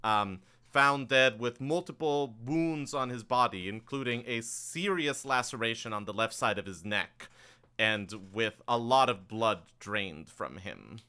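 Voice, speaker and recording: A game master narrates a tabletop adventure in a bright, clean and crisp man's voice at a middling pitch. He talks loosely, with plenty of fillers as he sets the scene. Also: lively intonation, measured pace.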